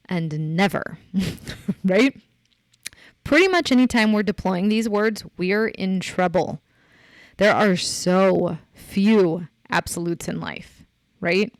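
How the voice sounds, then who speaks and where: A middle-aged woman hosting a podcast, unhurried and close to the mic in a dry, dead room. She coaches her listeners in an easy conversational way, and her voice jumps up sharply on the points she wants to land. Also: medium pitch, dry recording. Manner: emphatic, encouraging, rises sharply when making a point. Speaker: podcast host.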